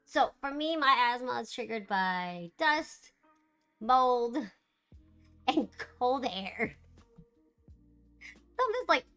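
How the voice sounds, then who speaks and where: Chatty woman streamer with a bright, fairly high voice and faint music behind, laughing often. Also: slow pace, pauses often, smooth. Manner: chatty, animated, with frequent laughs. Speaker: live streamer. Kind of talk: casual live-stream chat with viewers.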